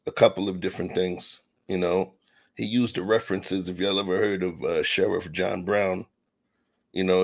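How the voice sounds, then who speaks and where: A man hosting a casual podcast chat, emphatic and laughing, with lots of 'you know'. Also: low voice. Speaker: host.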